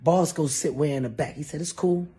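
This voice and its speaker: A man telling a comedic personal story in a loud, animated, profane way. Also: a little high, fairly quick, breathy edge. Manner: animated, profane, shouts when acting out quotes.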